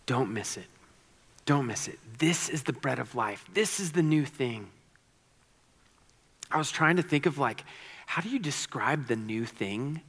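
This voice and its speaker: A man's voice: mid-range voice, animated, measured pace, long pauses, a bit bright, husky, long reverb tail. A man preaching a sermon in a conversational, earnest way, often repeating words and restarting sentences. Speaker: pastor.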